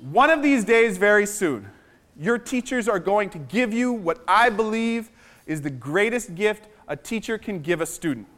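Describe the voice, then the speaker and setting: Brief: visiting author, a man with a high voice, lively and playful, telling stories to schoolchildren at an assembly. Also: normal speed. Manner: animated, playful storyteller addressing children. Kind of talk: school assembly storytelling talk.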